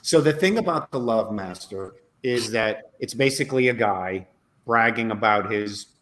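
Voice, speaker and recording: A man hosting a casual comedy interview on a video call, relaxed and encouraging. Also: lowish voice, normal speed, a little hiss or hum, rough recording. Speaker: host.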